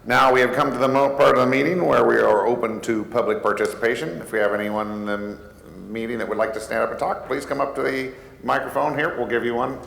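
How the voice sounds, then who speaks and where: Low gravelly guy running a board meeting, says uh a lot, echoey hall. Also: steady tone, fairly bright tone. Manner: plain, halting, with many fillers. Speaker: mayor chairing a meeting. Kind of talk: procedural meeting chairing. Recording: echoey hall, long reverb.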